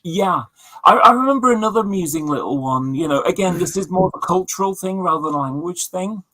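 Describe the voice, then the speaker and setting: A man with a somewhat high voice wanders through a long story, pausing on fillers and doubling back over his words. He talks in a relaxed, chatty way on a livestream with friends. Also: rough recording. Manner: rambling, storytelling with many fillers. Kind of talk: casual chat.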